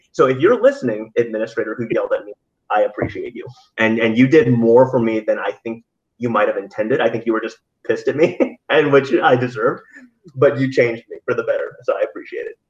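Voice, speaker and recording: A man who works as a teacher, chatting casually and telling rambling stories with many restarts. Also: medium pitch. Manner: rambling storyteller with frequent restarts and laughs. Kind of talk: casual podcast conversation. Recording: slightly dull, lo-fi audio.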